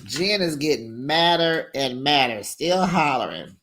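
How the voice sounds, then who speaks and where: A host doing casual recap commentary, telling the story with animated energy and sassy asides like "honey" and "child.". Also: mid-range voice, unhurried, background noise. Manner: animated storytelling, acts out quotes.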